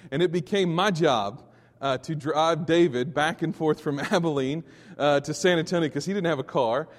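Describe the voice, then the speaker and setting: Texan pastor preaching in a reverberant hall. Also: male voice, fairly high pitch, normal speed. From Texas. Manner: storytelling with restarts and sudden loud peaks. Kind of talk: sermon.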